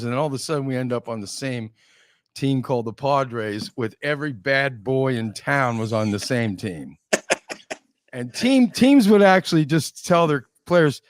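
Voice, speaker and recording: A middle-aged man with a clean, medium-pitched voice hosts a podcast talk show in a casual, chatty way. He's an animated storyteller who acts out quotes in different voices and laughs often.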